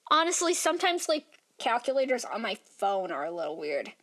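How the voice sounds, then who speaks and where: A tired young woman rambles through a casual vlog chat, leaning on "like" in nearly every phrase. Her voice sits a little high, and she sounds worn out and sleepy. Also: big pitch swings, fairly quick, fairly bright tone. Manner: rambling, filler-heavy, says "like" constantly. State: tired, yawning. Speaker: art vlogger.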